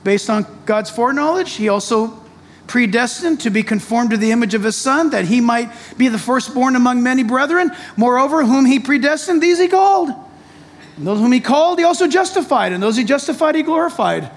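A pastor preaching a sermon, animated, with joking asides and acted-out quotes. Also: male voice, extremely high pitch, a little fast. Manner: animated, jokey asides, acts out quoted voices.

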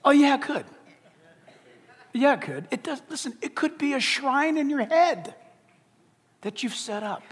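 High-voiced emphatic preacher in a reverberant hall. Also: male voice, animated, unhurried, long pauses, fairly bright tone. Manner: emphatic, fires rhetorical questions. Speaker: pastor. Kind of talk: sermon. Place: church sanctuary. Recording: long church hall reverb.

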